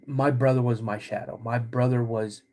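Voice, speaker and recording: A podcast host telling a personal story in a halting, casual way, with many restarts. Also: male voice, medium pitch, fairly even intonation, dark tone.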